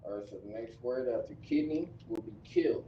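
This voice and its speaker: A man teaching script and pronunciation in a slow, repetitive lesson, often stopping to correct himself. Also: medium pitch, warm tone, slight background noise. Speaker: language teacher. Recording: distant, dull, echoey room recording.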